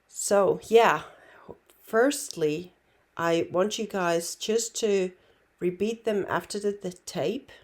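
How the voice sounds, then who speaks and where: A woman with Finnish as her first language, teaching a relaxed online language lesson in an unhurried, reassuring way. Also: mid-range voice. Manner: unhurried, reassuring, many fillers and restarts.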